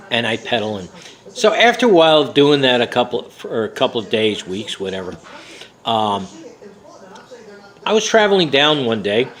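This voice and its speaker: A man's voice: mid-range voice, fairly bright tone, low-quality recording. An older man from New York, recounting a story from his memoir with many fillers and a rambling, conversational way of talking. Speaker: memoir author.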